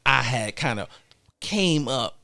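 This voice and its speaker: A man's voice: medium pitch, lively intonation, slow pace, creaky, pushed and bright, no echo. Male podcast host, laid-back and slangy, rambling, recorded dry and close. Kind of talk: casual chat.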